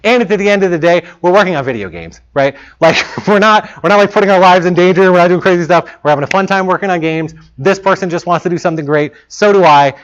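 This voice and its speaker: A man's voice: high-pitched, quick pace, hardly any pauses. A man giving an informal talk to students as a game developer, casual and chatty, often acting out his own past remarks. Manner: casual, chatty, quotes himself in lively asides. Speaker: guest speaker, game developer. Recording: dull lo-fi talk recording.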